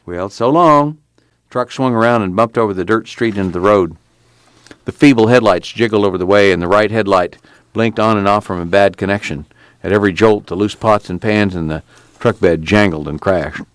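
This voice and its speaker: A man narrating an audiobook in a plain, steady reading. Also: lowish voice, fairly quick, clear, resonant tone, no echo.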